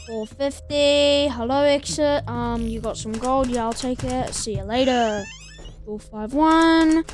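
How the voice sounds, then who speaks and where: A woman's voice: a little high, measured pace, faint music behind. A woman giving casual let's-play commentary, chatting to the game's monsters and counting doors aloud. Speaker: gameplay streamer.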